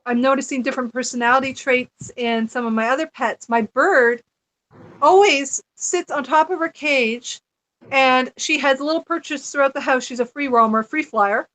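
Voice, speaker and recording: A middle-aged woman with a high voice shares a personal story in a casual podcast chat. She is animated and chatty, laughing often as she goes. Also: moderate pace. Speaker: podcast guest.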